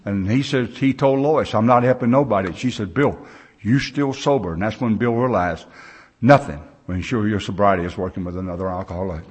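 A man's voice: lowish voice, brisk, a little mellow, slightly rough. A man in his sixties speaking at a recovery meeting, telling stories in a folksy, plain-spoken way with loose grammar.

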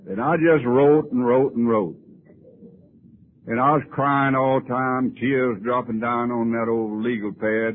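A man telling his personal story at a recovery meeting in a folksy, wry, self-mocking way. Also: mid-range voice. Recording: muffled lo-fi old tape, faint hiss.

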